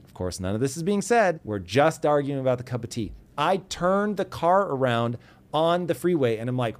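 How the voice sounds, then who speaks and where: A man telling a personal story as a podcast guest, animated and earnest, acting out both sides of old arguments. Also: mid-range voice. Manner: earnest and intense when giving advice.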